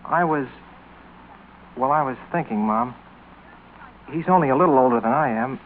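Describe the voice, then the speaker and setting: A man's voice: medium pitch, normal speed, natural voice. A man playing an earnest teenage son who speaks hesitantly and politely, in 1940s radio acting. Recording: tinny old radio broadcast, faint hiss.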